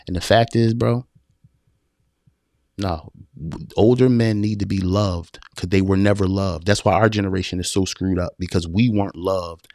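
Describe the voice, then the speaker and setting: A man with a low, dry voice hosts a live talk for men, repeating his points with emphasis like a preacher. He calls his listeners brother and answers viewer questions as they come in. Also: steady tone, normal speed, a little mellow, dry recording. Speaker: podcast host.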